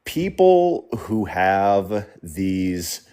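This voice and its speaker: A man's voice: low voice, sing-song, extremely slow, dark tone, clean tone. A man in his forties joining a debate stream as a caller, hesitant and hedging. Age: 40s.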